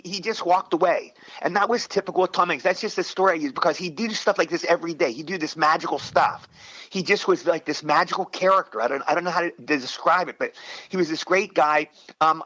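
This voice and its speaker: A man in his sixties, an actor telling rambling, excited stories with many restarts in a casual interview. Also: a little high, no echo, rough recording. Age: 60s. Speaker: actor guest.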